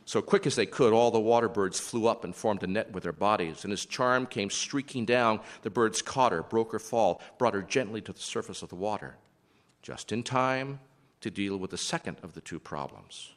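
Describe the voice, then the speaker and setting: A man with a fairly low voice narrating an animal tale. He tells it warmly paced, slipping in wry, joking asides to the listener. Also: moderate pace. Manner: wry asides, playful humor. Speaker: storyteller. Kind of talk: storytelling narration.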